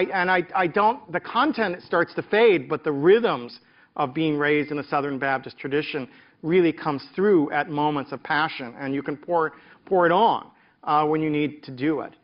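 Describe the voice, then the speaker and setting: A man's voice: fairly high pitch, lo-fi sound. A middle-aged man from the American South, a professor telling stories from his career in an interview, with the rising cadences of a preacher. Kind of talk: reflective interview talk.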